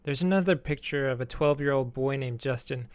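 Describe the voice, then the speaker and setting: A man co-hosting a casual language-lesson chat, explaining background in a relaxed, easygoing way. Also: medium pitch, fairly quick, clean tone, dry recording. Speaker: English co-host.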